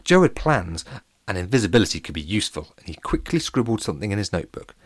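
A man narrating a children's story in a playful, animated and comic way. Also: lowish voice, fast talker, husky, no echo, clean studio sound.

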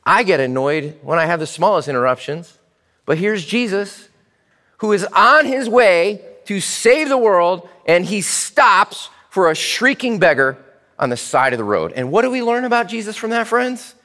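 A man preaching a sermon in church as pastor, animated and speaking directly to the children. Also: high-pitched, moderate pace, big-room sound.

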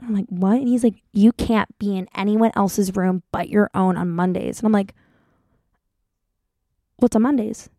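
A woman's voice: mid-range voice, moderate pace, long pauses, no echo. Chatty young woman telling a story. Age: young adult. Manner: chatty, animated, acts out quotes. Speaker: vlogger. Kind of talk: casual storytelling vlog.

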